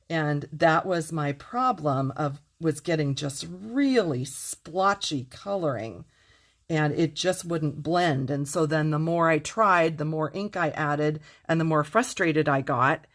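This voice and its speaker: A woman's voice: sits low, expressive, slow. A middle-aged woman teaching card making in a casual demonstration, gushing with enthusiasm and talking straight to her viewers.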